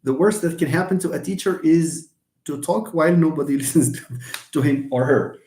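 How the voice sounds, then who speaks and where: A man's voice: a little high, a little fast, warm tone. Man teaching English online. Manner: explains patiently, repeats examples, answers students by name. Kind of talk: live online lesson. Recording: echoey room.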